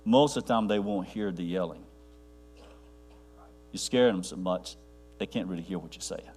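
A man preaching a sermon to a congregation, rambling with restarts and dropping to a near hush for his quiet points. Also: deep voice, moderate pace, slight background noise. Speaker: pastor.

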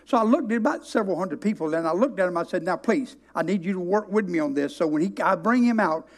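High-voiced preacher, emphatic. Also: male voice, expressive. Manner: storytelling, emphatic, with dramatic slow stresses. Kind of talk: sermon.

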